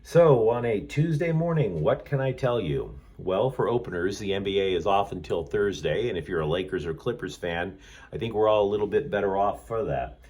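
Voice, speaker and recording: Husky sarcastic male sports host. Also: lowish voice, animated, normal speed, a little mellow. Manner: sarcastic, rambling, sardonic asides. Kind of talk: snarky sports commentary monologue. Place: hotel room.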